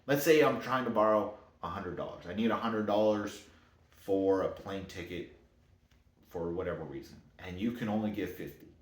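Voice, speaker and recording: A man's voice: deep voice, moderate pace. A man giving a casual motivational talk, rambling and correcting himself as he goes. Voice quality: talks in loose, rambling sentences with self-corrections. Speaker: motivational speaker. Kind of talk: casual monologue. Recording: echoey room.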